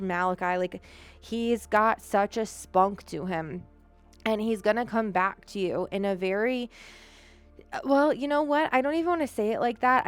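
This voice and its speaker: A young woman giving a psychic reading on a live stream, gentle and emotional, choked up and rambling with many fillers. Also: lowish voice, smooth. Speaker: psychic medium.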